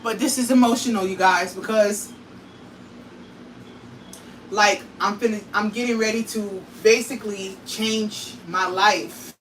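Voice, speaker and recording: A woman's voice: mid-range voice, steady tone, a little slow, fairly bright tone, far from the mic, a little hiss or hum, rough recording. Worn-out woman vlogging from her kitchen. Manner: tired and emotional, talks straight to viewers, sighs and laughs. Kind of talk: casual vlog talk to viewers. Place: home kitchen.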